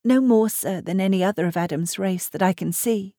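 A woman's voice: medium pitch, brisk, dark tone, no room sound, studio quality, close to an everyday voice. A woman voicing a sick, weary young dwarf boy who speaks sadly and politely. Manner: weary, sad and courteous.

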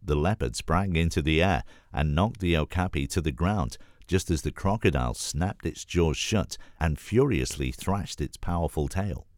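A man reading a children's storybook aloud for an audiobook audition, with clear, steady storytelling. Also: sits low, normal speed, few pauses, no room sound, clean studio sound. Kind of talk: scripted storybook narration.

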